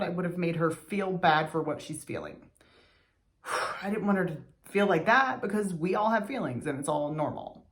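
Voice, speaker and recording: A woman in her forties talking through a hard moment with her teenager, thoughtful and self-observing, with the odd sigh. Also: lowish voice. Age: 40s. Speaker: vlogger. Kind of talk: reflective personal monologue.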